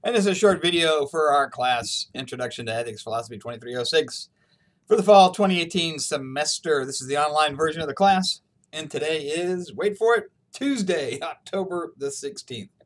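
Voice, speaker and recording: A male professor walks his class through a story in a relaxed, chatty recorded online lecture, often chuckling as he goes. He talks at a normal speed, his voice a bit higher than most men's.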